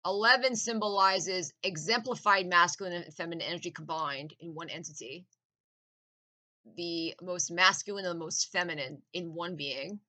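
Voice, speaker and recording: A woman's voice: on the low side, normal speed, bright, forceful tone, rough recording. A woman in a casual, profane, intense rant with laughing asides.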